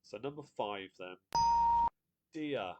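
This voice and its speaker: A man's voice: lowish voice, animated, slow pace. Chatty man hosting a quiz. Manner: chatty, reads out viewer guesses, laughs often. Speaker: quiz host. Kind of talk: live-streamed quiz hosting.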